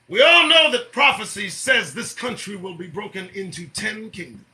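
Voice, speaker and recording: A man hosting an early-morning commentary show, preaching and swearing as he swings from shouting to low muttering. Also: lively intonation, quick pace, rough recording.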